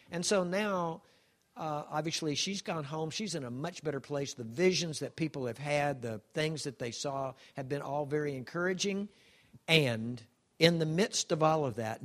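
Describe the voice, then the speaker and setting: Older man in his 70s, halting, emotional testimony with a wry humor; mid-pitched. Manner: halting, emotional, many restarts. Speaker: speaker sharing a personal testimony. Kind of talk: heartfelt personal testimony.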